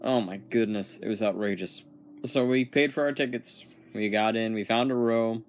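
A man's voice: on the low side, normal speed. A young man with the hiccups chatting casually as a podcast co-host, teasing and rambling through a story. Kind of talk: casual chat.

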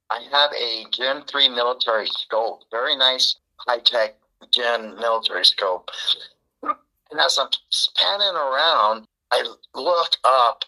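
A man, a podcast guest, telling a story in a casual, animated way and acting out the dialogue. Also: mid-range voice, poor audio. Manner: animated, acts out quoted dialogue.

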